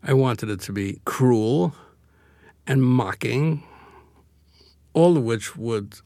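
A man's voice: medium pitch, expressive, a little slow, warm tone, no echo, studio quality. An older man from Brooklyn, speaking as an interview guest in a reflective, wry way. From Brooklyn, USA. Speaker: guest author. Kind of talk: casual interview conversation.

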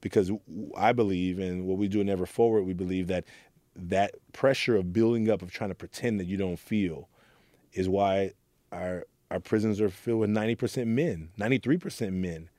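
This man, a youth program leader from Oakland, speaks a little fast in a low, warm voice with no echo. His reflective interview is earnest storytelling about his past, with quotes acted out.

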